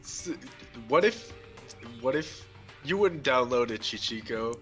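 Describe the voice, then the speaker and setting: A man's voice: mid-range voice, lively intonation, fairly bright tone, soft background music. A man joking and swearing in casual chat while streaming a game. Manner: joking, swearing, quick asides.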